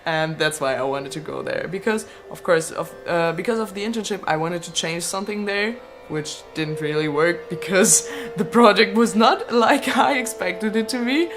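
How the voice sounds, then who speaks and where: A woman's voice: lowish voice, moderate pace. Young woman, twenties, casual vlog Q&A, chatty, laughs often, swears casually, faint background music. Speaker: vlogger answering viewer questions. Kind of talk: casual Q&A chat.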